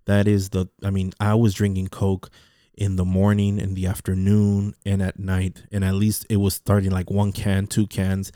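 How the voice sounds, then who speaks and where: A man's voice: deep voice, monotone, moderate pace, warm tone, no echo, studio quality. A man talking casually in a rambling monologue, repeating words and restarting his sentences. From Mexican heritage.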